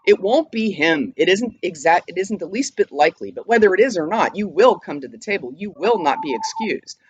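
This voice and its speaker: A woman's voice: on the low side, expressive, brisk, breathy edge, lo-fi sound. A woman reading the lines of a domineering, impatient middle-aged mother in a scolding, insistent way.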